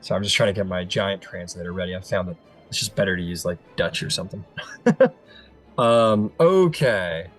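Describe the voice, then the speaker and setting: Laid-back male game master, low voice, halting narration, soft music underneath. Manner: casual, halting, many fillers.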